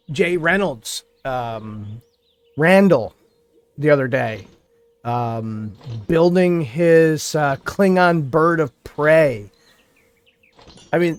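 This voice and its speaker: A man from New York State chatting casually on a live game stream, rambling and thinking aloud as he plays. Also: a little high. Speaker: gaming streamer. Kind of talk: casual live-stream chat while playing.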